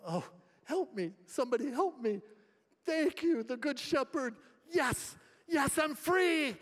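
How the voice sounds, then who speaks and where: A man voicing a stuck sheep in a high, squeaky, pleading voice. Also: expressive, slow pace, heavily acted. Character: frightened stuck sheep, then freed and overjoyed. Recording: long hall reverb.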